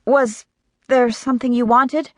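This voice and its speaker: A woman's voice: on the high side, fairly even intonation, a little slow, a bit bright, dry recording, pitched above the performer's own voice. A woman voicing a flustered young assistant. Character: young female assistant, flustered, trying to be cheeky.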